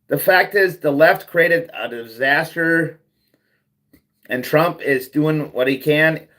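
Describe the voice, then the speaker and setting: A man's voice: fairly high pitch, takes it slowly, fairly bright tone. A man hosting a livestream, ranting bluntly and profanely, repeating himself as he goes. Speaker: livestream host. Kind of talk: ranting monologue.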